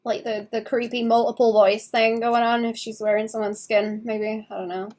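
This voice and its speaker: A young woman streamer chatting casually and rambling while she draws, sleepy and quick to laugh. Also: on the high side, flat delivery, a little mellow. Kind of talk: casual chat while drawing.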